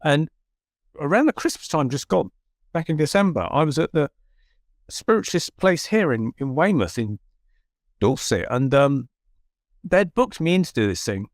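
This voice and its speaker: A man's voice: fairly high pitch, very animated, normal speed, pauses often, dry recording. Man, English accent, middle-aged, podcast host, self-deprecating storyteller, dry sound. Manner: chatty, self-deprecating, many restarts. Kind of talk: conversational storytelling.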